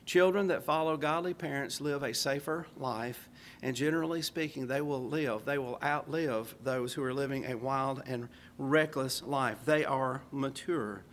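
An older man preaching a sermon in an earnest, measured way, with folksy asides. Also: medium pitch, a bit bright, slight background noise.

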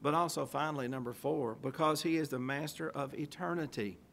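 A man's voice: fairly high pitch, brisk, gravelly, a bit bright, a little hiss or hum. A man preaching a sermon, reading old-style scripture aloud with emphasis and asking rhetorical questions. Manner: emphatic, stressing key phrases.

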